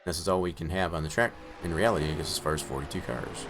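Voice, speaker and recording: Low-voiced excitable man streaming gameplay. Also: fast, music in the background. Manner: excitable outbursts, then rambling asides. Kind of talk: live sim-racing gameplay commentary.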